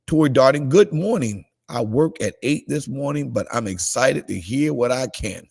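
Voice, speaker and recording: A man preaching a morning devotional livestream, shifting between calm scripture reading and excited exclamations. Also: mid-range voice, normal speed, creaky, slightly rough. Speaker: pastor.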